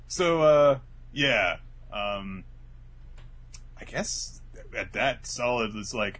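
A man's voice: medium pitch, lively intonation, very slow, pauses often, a bit bright. A man co-hosting a podcast, recapping a comic in a rambling, casual way, swearing often and acting out the characters' quotes. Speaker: podcast co-host.

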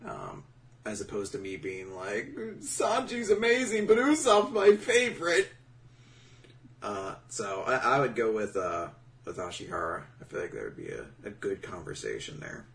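A man's voice: low voice, very animated, normal speed, creaky, pushed and bright. A man co-hosting a casual podcast, rambling with many fillers and restarts. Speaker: podcast co-host. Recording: voice a bit far from the mic.

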